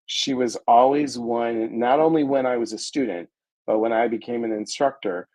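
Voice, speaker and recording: A middle-aged man with a mid-range voice guests on a live stream, chatting playfully and with animation, greeting viewers, joking along and reading their comments aloud. The audio is poor.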